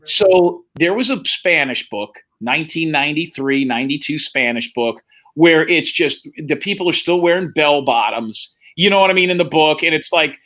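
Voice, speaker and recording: The middle-aged man's voice is a little high and sharp, moving fairly quickly. Hosting a podcast, he tells a long, profane tale in casual chat and performs everyone else's dialogue.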